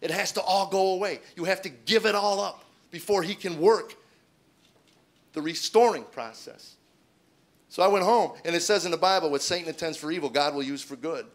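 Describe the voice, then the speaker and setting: A middle-aged man doing stand-up comedy as a personal testimony. He tells the story loudly at punchlines and drops to a soft, hushed voice for the serious parts. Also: fairly high pitch. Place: stage in front of a laughing audience.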